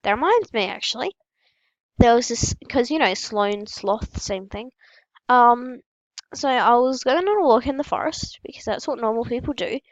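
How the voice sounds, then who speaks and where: A female gaming host telling absurd, made-up stories in a casual, matter-of-fact, deadpan way while opening packs. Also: a little high, moderate pace, dry recording, dull audio.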